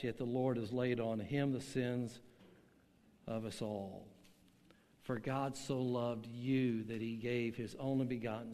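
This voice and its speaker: An older male pastor delivering a sermon, his pitch sitting in an ordinary middle range. He tells stories slowly and with emphasis, pausing for effect. His voice rings with the long reverb of a large hall. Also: darkish tone. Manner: slow, emphatic storytelling with dramatic pauses. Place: church hall with online audience.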